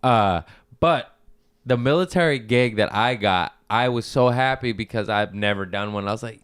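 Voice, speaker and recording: A man's voice: medium pitch, animated, moderate pace, a bit bright, smooth, dry recording. A man, a comedian guest on a podcast, telling rambling, profane stories in casual chat.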